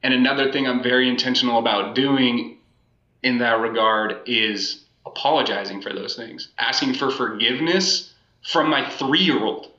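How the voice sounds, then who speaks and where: Earnest guy on a podcast, bright forceful voice, kinda roomy muffled sound. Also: mid-range voice, normal speed. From United States. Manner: earnest, reflective, speaks with emphasis and repeats phrases. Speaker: podcast guest, life coach. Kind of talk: casual podcast conversation.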